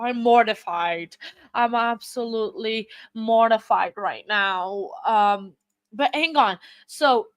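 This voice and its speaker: Woman live-stream host, high voice, unhurried delivery, flustered and apologetic, reads out viewer chat. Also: no room sound. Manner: flustered and apologetic, many fillers.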